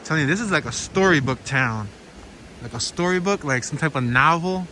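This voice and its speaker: A man's voice: a little high, animated, brisk, sharp tone. A man with a Philadelphia accent narrating a walking tour outdoors, chatting with viewers and thinking aloud as he strolls. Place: outdoors on a small-town street, walking. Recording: noisy outdoor walk with stream and traffic. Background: flowing stream and passing traffic.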